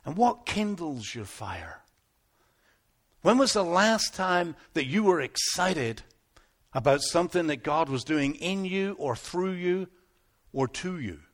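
A man preaching a sermon in an animated, conversational way, repeating words as he builds up and slipping into little acted asides. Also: fairly high pitch, takes it slowly. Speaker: pastor.

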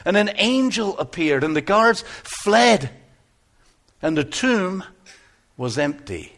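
An actor playing an aging biblical shepherd, telling his story earnestly, moving between hushed tones and exclamations. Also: high voice, sing-song, takes it slowly, vocal fry, full character voice. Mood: wondering. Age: older. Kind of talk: first-person dramatic monologue.

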